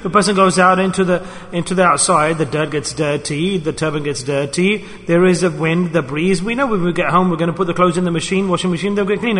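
A man's voice: sits high, fast talker, fairly bright tone. A man preaching a sermon with passion, repeating his key phrases for emphasis. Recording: long hall reverb.

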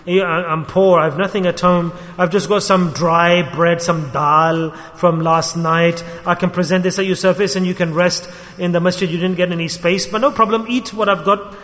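A man voicing a poor, devout host who speaks softly and bashfully, in a sermon story. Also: high-pitched, steady tone, moderate pace. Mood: humble. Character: poor humble male host, devout and shy. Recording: echoey hall.

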